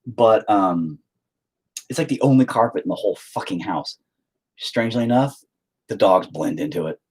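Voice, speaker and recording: Husky, profane man chatting while painting. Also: lowish voice, animated, normal speed, a little mellow. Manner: profane, rambling, joking. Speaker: painting streamer. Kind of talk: casual chat while painting.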